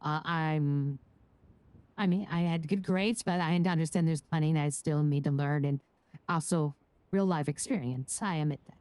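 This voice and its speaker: A woman's voice: deep voice, normal speed, darkish tone, no echo, close to an everyday voice. A woman playing a young law graduate in a role-play job interview, speaking hesitantly with many restarts. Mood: earnest. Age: young adult. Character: nervous young woman fresh out of law school.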